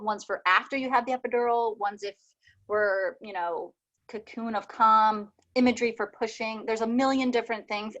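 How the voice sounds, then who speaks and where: A woman's voice: mid-range voice, a bit bright, lo-fi sound. A woman doula chatting casually over a video call, talking with lots of fillers. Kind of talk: casual group chat.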